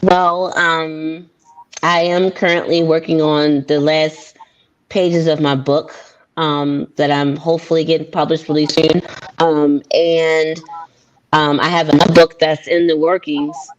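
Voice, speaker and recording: A woman's voice: deep voice, level tone, a little slow. Hesitant woman from Baltimore, lo-fi call. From Baltimore, USA. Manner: hesitant, many fillers. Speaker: guest poet. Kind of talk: casual interview chat.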